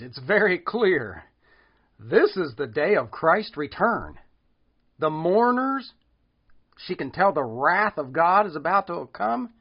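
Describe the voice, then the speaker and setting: A man hosting a Christian video, commenting earnestly on a dream testimony and speaking straight to viewers. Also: a little high. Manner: earnest, emphatic, addressing viewers directly. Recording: dull, lo-fi sound.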